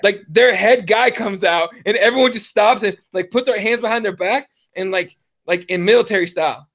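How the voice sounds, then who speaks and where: Speaking in a high, somewhat bright voice at a moderate pace, a thirtysomething male podcast host spins a meandering tale. It's casual storytelling, heavy on cursing and filler words.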